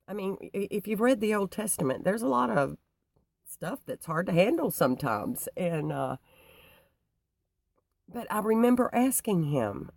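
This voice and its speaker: A woman telling a personal story to her viewers, halting with many restarts and fillers. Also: on the low side, sing-song, creaky, a little mellow, no echo. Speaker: YouTuber.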